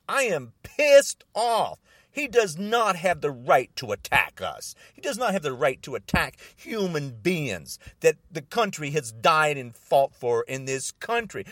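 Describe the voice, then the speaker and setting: A man ranting angrily about politics to the camera, repeating himself and bursting into loud emphasis. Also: sits high, no room sound, studio quality. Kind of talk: angry political rant to camera.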